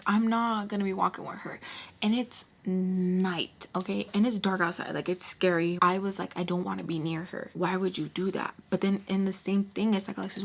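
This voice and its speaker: A young woman in her twenties telling a story to her camera, animated and full of slang, acting out what people said. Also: mid-range voice. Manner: animated, acts out quotes, frequent slang and "like". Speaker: storytime vlogger. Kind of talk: casual storytelling.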